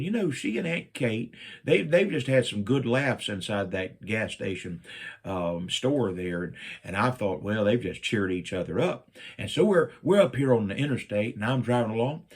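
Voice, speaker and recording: A middle-aged man from Virginia, telling a personal story and acting out his own lines with big jumps up in pitch. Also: breathy edge. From Virginia, USA. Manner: animated, jumps up in pitch when quoting himself.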